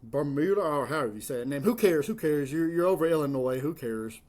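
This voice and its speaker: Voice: medium pitch, animated, a little fast, a little mellow. A college football commentator, ranting to the camera in a sarcastic, mocking, rambling way. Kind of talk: sports rant to camera.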